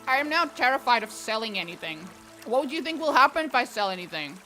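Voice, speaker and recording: Woman, game streamer, casual commentary, excitable, swears, slightly high voice, faint music behind. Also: quick pace. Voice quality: excitable, swears and laughs a lot.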